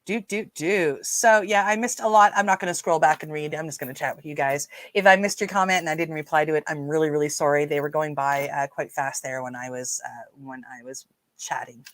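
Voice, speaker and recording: Chatty lower-voiced woman with a Newfoundland lilt. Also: brisk, no room sound. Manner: chatty, greets viewers and reads comments aloud, rambling with fillers. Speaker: livestream host. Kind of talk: casual livestream chat.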